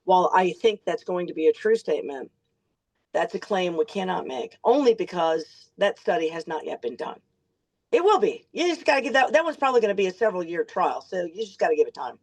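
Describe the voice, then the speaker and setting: A woman practitioner explaining in a brisk, emphatic way on a group call. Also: fairly low pitch, sing-song, darkish tone, low-quality recording. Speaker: medical practitioner speaker.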